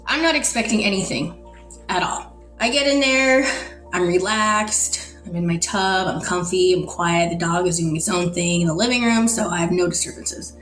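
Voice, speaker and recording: A woman from the Netherlands, a podcast guest, telling a personal story in an animated way and acting out the dialogue. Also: fairly low pitch, normal speed. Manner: animated, acts out dialogue in quotes. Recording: roomy echo, faint music.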